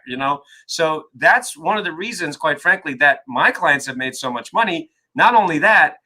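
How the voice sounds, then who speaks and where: A man's voice: high voice, lively intonation, brisk, hardly any pauses, sharp tone, rough recording. A man being interviewed as an author and coach, talking emphatically and often checking in with "right?". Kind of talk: energetic interview talk.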